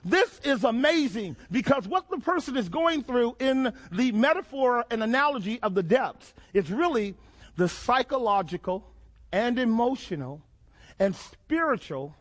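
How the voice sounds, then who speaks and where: Male preacher, very high voice, dramatic sermon delivery with repeated questions. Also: big pitch swings, a little slow. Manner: dramatic, call-and-response questions, repeats phrases.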